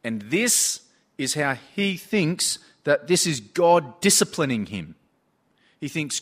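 A man delivering a sermon with earnest conviction, his voice sitting a little higher than most men's. He tells personal stories and retells what people said to him along the way. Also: big pitch swings, slow. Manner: earnest, storytelling with retold dialogue. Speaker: preacher.

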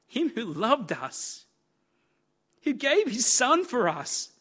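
A male preacher with a high, bright voice delivers a sermon at an unhurried pace. He speaks earnestly and stresses his points by repeating them. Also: expressive. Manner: earnest, emphatic, building repetition.

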